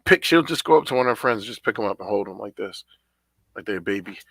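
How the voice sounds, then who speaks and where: A man's voice: on the low side, animated, fast, fairly bright tone, no echo. A man co-hosting a podcast, talking in a laid-back, slangy, conversational way. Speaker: podcast co-host.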